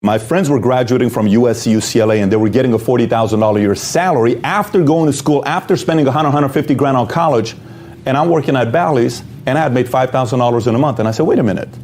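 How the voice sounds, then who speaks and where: A man's voice: medium pitch, fast talker, darkish tone. A man giving a motivational talk, speaking directly to the viewer and firing off rhetorical questions.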